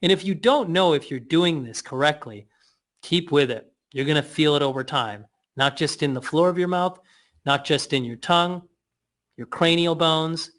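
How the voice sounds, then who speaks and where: A man leading a guided breathing and mouth exercise, giving slow cues with playful asides. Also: fairly high pitch, fairly bright tone.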